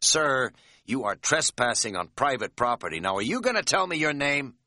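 A man's voice: mid-range voice, big pitch swings, normal speed, bright, forceful tone, no room sound, studio quality, pitched above the performer's own voice. A man doing a petty, officious security guard. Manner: stubborn, bureaucratic.

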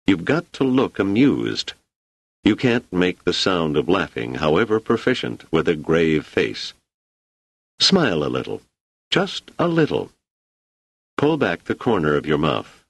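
A man's voice: low voice, wildly swooping pitch, unhurried, vocal fry, husky, no echo, heavily acted. A man reading an audiobook voices a patient but exacting male scientist giving careful instructions. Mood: coaching. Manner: instructive, coaching.

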